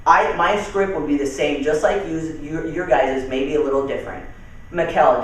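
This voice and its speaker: A young man giving casual, energetic sales training with stories, talking loosely and calling people dude and man, heard from far off in a very echoey room. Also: fairly high pitch, normal speed. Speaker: network marketing trainer. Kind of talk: training talk with storytelling.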